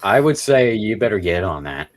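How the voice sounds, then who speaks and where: A man hosting a casual livestream, reacting with quick short interjections and reading viewer questions aloud. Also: lowish voice, big pitch swings. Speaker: livestream host.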